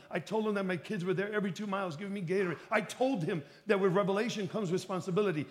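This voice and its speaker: A male pastor from Chicago preaching a sermon, telling a story and acting out the dialogue, with bursts of shouting for emphasis. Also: sits high.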